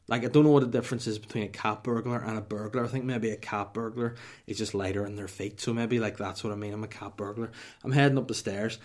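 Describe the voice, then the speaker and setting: A man, telling a profane, rambling comic story on a podcast. His voice sits slightly low, and he jokes his way through the tale in a loose, casual way. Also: fairly even intonation, fast talker.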